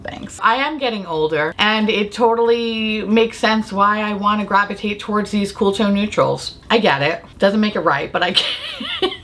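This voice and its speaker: A woman's voice: medium pitch, normal speed, fairly bright tone. A woman hosting a casual chat, ranting in a profane, exasperated way and laughing often. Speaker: host.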